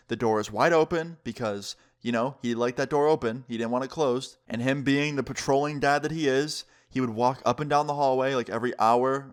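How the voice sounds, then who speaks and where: A man in his twenties telling a story casually on his vlog, often saying "like" and swearing. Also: mid-range voice. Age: 20s. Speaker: vlogger.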